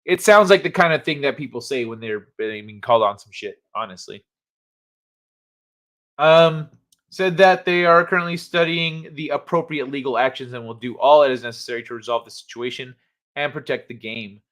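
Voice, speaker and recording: Young guy streamer, bright voice, reads news and chat, swears a lot, super casual. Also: mid-range voice, moderate pace. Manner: chatty, swears casually, reads articles with asides. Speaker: livestream host.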